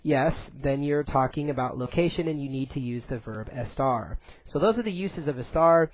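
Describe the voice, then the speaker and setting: A man teaching a recorded Spanish grammar lesson in English, explaining slowly and deliberately with frequent "uh" fillers. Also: medium pitch, expressive, no echo, low-quality recording.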